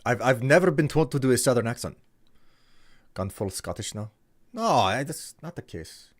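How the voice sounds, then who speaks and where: A man's voice: mid-range voice, very animated, moderate pace. A man streaming live, chatting casually with viewers, often hesitating and restarting his sentences. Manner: hesitant, restarts and repeats words.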